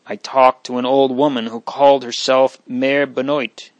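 A man's voice: medium pitch, level tone, normal speed, no room sound, dull audio, natural voice. A man voicing a haughty but remorseful young countess, speaking earnestly. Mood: distressed. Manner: pleading, earnest.

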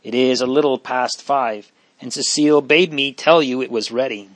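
A man's voice: mid-range voice, moderate pace, fairly bright tone, dry recording, close to an everyday voice. A man voicing a polite, formal village minister, in a dry recording. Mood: courteous.

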